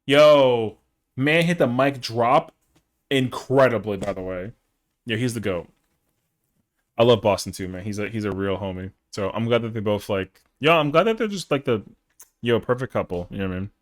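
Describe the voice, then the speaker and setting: A man's voice: mid-range voice, lively intonation, moderate pace. Slangy young man chatting on stream. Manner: slangy, rambling, heavy on fillers. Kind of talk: casual live-stream chat.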